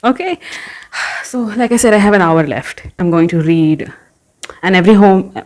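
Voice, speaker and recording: A woman's voice: medium pitch, lively intonation, moderate pace. A woman book vlogger chatting casually about what she read, rambling and going off on tangents with lots of filler words. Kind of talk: casual vlog chat.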